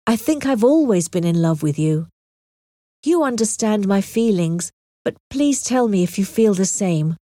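A woman reads the part of a kind, earnest gentleman declaring his love in a storybook. He speaks gently and sincerely, with plenty of movement in the voice. The recording is close and dry. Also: mid-range voice, animated, measured pace, no room sound, natural voice. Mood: passionate.

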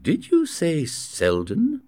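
A man reading a storybook voices a cunning musketeer, speaking in a smooth, insistent way. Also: fairly high pitch, huge pitch swings, slow pace, mellow, no room sound, voice pushed up, heavily acted. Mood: persuasive. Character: cunning scheming male musketeer, persuasive.

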